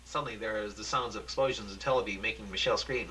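Bright-voiced man reading a play. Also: fairly low pitch, poor audio. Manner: halting, frequent restarts and fillers. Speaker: reader of an amateur radio play. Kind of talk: reading a script aloud, stumbling over lines.

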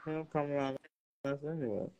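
A young man with a Chicago accent, joining a livestream and teasing in a relaxed way. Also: fairly high pitch, a little fast, lo-fi sound. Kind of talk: casual livestream chat. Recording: faint background noise.

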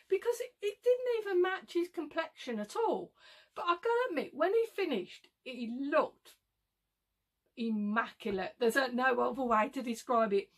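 A woman with a broad Brummie accent chats straight to her viewers, her voice sitting high and bright. She rambles from one aside to the next, gossipy and unpolished, and laughs easily as she goes. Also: expressive, moderate pace. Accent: Birmingham (Brummie). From Birmingham, England. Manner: rambling, gossipy, laughs often, many "like, you know" asides. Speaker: reseller vlogger. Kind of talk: casual chatty monologue.

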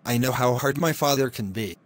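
A man voicing a kind young prince who speaks gently and reassuringly. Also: medium pitch, fairly quick, lightly acted. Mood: gentle.

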